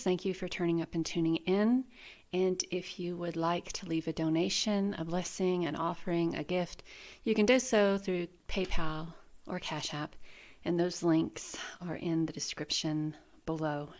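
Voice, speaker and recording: A woman in her fifties with a slightly low voice gives a casual tarot reading, speaking gently about spirit and love. Her delivery is heartfelt and emotional, close to tears. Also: normal speed. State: welling up with tears. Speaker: tarot reader.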